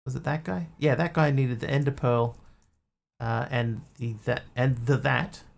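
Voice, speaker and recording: A man's voice: medium pitch, fairly even intonation, measured pace, creaky. A man streaming a game, rambling and talking to himself as he plays. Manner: rambling, talks to himself while playing. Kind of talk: casual gameplay commentary.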